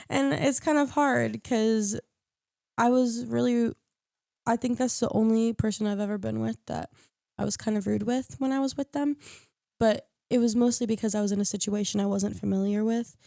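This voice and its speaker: A woman's voice: on the high side, fairly even intonation, normal speed, gravelly, warm tone, no room sound, clean studio sound. A young woman on a podcast panel, candidly telling a personal story in casual chat and acting out what others said. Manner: candid storytelling, acts out quoted lines.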